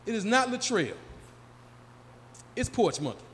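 Guy doing a high shouty touchy buddy, all worked up, echoey comedy room with some crowd noise. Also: sing-song, very fast. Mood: indignant. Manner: loud, exasperated, insistent. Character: touchy indignant man fussing about his nickname. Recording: live room reverb, faint crowd noise.

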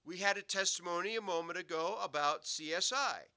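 Male pastor, very bright tone, slightly high; loud emphasis, then low asides. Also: brisk, no echo, clean studio sound. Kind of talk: sermon.

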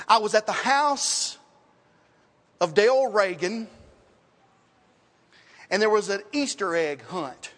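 Pastor, male, high voice, dramatic sermon delivery with sudden quiet drops, long hall reverb. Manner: dramatic preaching, swinging from loud rhetorical questions to hushed lines.

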